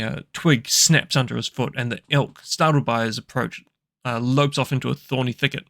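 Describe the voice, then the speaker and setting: Gravelly man narrating a solo tabletop game. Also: medium pitch, fairly bright tone, no echo, studio quality. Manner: rambling, many fillers and self-corrections.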